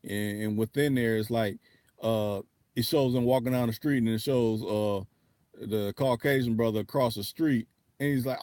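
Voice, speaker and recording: A man's voice: medium pitch, moderate pace, a little mellow, dry recording, studio quality. A man with an African American English accent hosting a livestream, chatting loosely and profanely with many restarts. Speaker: livestream host. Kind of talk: casual livestream chat.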